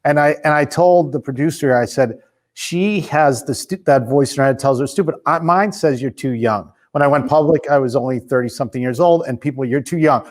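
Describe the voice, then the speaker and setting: A man's voice: medium pitch, a little fast. A man in his fifties hosting a podcast interview, talking casually and restarting his sentences as he thinks aloud. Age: 50s. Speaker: podcast host.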